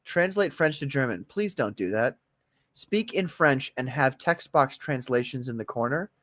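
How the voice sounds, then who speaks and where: A man co-hosting a casual comedy chat, joking and profane, jumping from loud outbursts to mumbled asides. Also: mid-range voice, lively intonation, moderate pace, dry recording. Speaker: podcast co-host.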